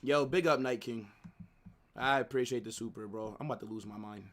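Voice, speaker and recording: A man's voice: mid-range voice, fairly quick, noisy background. A young man hosting a live football watch-along, ranting and swearing in frustration. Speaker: livestream host.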